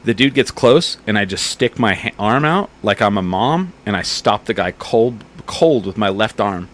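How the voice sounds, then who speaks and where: A man in his thirties with a fairly low voice hosts a casual chat. He tells profane, animated stories and acts out the people in them. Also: moderate pace. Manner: profane, animated storyteller acting out bar fights. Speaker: podcast host.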